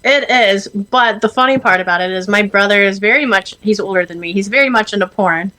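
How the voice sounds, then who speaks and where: A woman's voice: medium pitch, fairly quick, bright, forceful tone, rough recording. A woman guest on a podcast, talking frankly and breezily in casual chat, laughing at her own stories. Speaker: podcast guest, adult performer.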